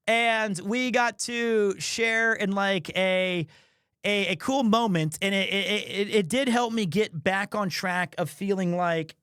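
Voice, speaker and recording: A man telling a travel story on a live stream, animated and self-mocking, with casual swearing, close to the mic. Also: sits high, slow, clean tone, no room sound.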